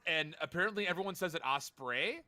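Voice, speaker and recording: Bright, laid-back game caster. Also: male voice, medium pitch, expressive, fairly quick, slight background noise. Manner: laid-back, chatty, laughs often. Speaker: esports commentator. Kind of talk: casual game commentary and banter.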